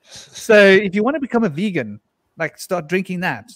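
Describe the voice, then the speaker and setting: A middle-aged man tells a loose, rambling personal story to a live panel, chuckling between lines and slipping into voices for what others said. His voice sits a touch high for a man. The sound is close and dry. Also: sing-song, normal speed, fairly bright tone, no echo. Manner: rambling, laughs often, acts out quotes. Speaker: panel guest.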